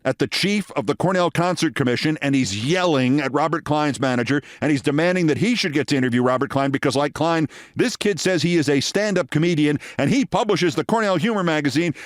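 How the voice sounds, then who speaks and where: A man's voice: mid-range voice, lively intonation, normal speed, dry recording, studio quality. A man hosting a show, telling a long anecdote in a wry, dramatic way. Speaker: host. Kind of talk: storytelling commentary.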